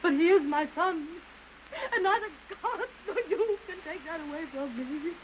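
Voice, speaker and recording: A woman's voice: extremely high pitch, moderate pace, highs cut off. An actress playing a disgraced wife who begs tearfully to see her son, in theatrical early film style, on an old hissy soundtrack. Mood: pleading. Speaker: estranged wife. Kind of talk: early 1930s film acting.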